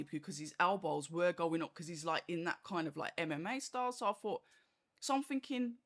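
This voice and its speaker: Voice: mid-range voice, moderate pace, a bit bright. A boxing channel host talks through a fight review in a rambling, chatty way. The talk is full of "like" and "you know", and the host acts out quoted reactions. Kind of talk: casual fight review monologue.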